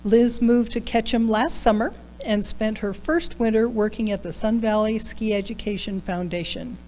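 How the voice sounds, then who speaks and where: A woman hosting a library poetry night, reading out the bio of the next reader with pauses. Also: on the high side, dark tone, a little hiss or hum. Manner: slow, unhurried, with pauses and fillers. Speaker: event host. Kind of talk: introducing readers. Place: library event room.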